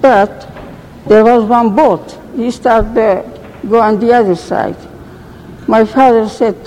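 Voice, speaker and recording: An older woman giving an oral history account as a survivor, speaking halting, broken English with frequent restarts. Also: a little high, steady tone, mellow. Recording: reverberant room, faint background noise.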